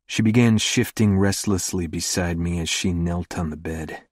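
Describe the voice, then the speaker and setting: Hushed, low-voiced male narrator. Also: no echo, clean studio sound. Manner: slow, hushed, intimate delivery. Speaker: audiobook narrator. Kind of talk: first-person scripted narration.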